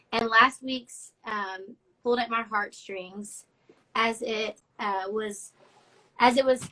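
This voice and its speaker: A woman's voice: fairly high pitch, sharp tone, low-quality recording. A young woman hosting a casual live stream, reading fan notes aloud in a chatty, effusive way. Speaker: host of a live social media show.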